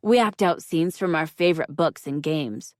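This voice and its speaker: A woman's voice: low-pitched, moderate pace, a little mellow, no echo, clean studio sound, lightly acted. A woman voicing a teenage boy in costume who announces grandly and theatrically. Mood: eager.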